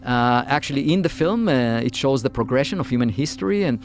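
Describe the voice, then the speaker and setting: Halting man physicist in interview. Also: mid-range voice, expressive, soft background music. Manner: hesitant, many fillers and restarts. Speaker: physicist guest. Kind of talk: interview conversation.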